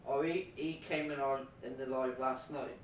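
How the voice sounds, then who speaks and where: A British man chats and teases his way through a paranormal livestream, laughing easily. He sits back from the mic in a roomy, echoing space with a faint rumble underneath. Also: fairly even intonation, normal speed, recorded from a distance. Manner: laughs often, teasing and chatty. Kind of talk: casual livestream chat.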